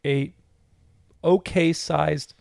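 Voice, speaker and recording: Gravelly man co-hosting a podcast. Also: fairly high pitch, steady tone, drawn-out words, a little mellow, dry recording. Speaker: podcast co-host. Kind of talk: casual podcast chat.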